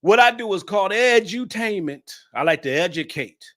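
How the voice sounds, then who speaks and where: Loud, laughing male stream host. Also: high-pitched, expressive. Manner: laughing, mocking roasting of a viewer; loose, slangy talk with drawn-out exclamations. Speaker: live-stream show host. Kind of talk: casual live-stream commentary.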